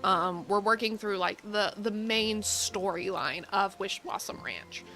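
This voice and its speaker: A woman's voice: medium pitch, unhurried, pushed and bright, soft background music, rough recording. A young woman from the United States chatting in a rambling way, with plenty of ums and likes, as she streams a cozy game. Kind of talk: casual live-stream chat while playing.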